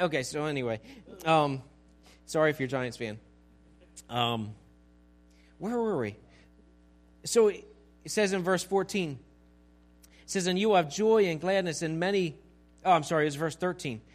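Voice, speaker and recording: A man, a pastor, teaching a Bible passage in a relaxed conversational way, asking his listeners questions and acting out the scenes. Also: sits high, normal speed, long pauses. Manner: conversational, acts out scenes with asides.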